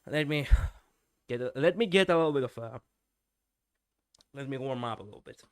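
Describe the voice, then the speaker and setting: A man's voice: medium pitch, moderate pace, clear, resonant tone, dry recording. A male streamer giving casual reaction commentary, rambling with lots of fillers and the odd swear word, speaking close to his mic. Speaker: streamer reviewing lore videos.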